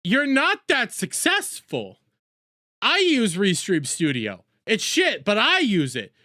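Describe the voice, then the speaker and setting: A young male streamer riffs over clips and reads chat aloud, mocking and excitable. His bright voice swings widely in pitch, and he swears freely. The sound is dry and close. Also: slow, dry recording. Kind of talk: live reaction commentary.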